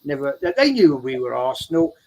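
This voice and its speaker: A man's voice: mid-range voice, big pitch swings, fairly quick, darkish tone, low-quality recording. A man telling a rambling story in casual chat, repeating his words as he goes. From England. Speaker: show regular. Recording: faint background noise.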